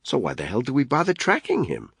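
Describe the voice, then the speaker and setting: Man reading brash male surveillance analyst, sarcastic, impatient, raised pitch, audiobook thriller. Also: wildly swooping pitch, fast, vocal fry, a bit bright, slightly rough, no room sound, studio quality, full character voice. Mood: frustrated.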